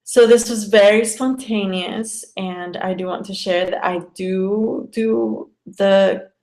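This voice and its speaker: A woman's voice: mid-range voice, fairly even intonation, slow pace, a little mellow. A woman astrologer explaining a chart in a casual live-stream, talking loosely with many fillers and restarts. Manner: chatty, frequent fillers like "you know" and "like".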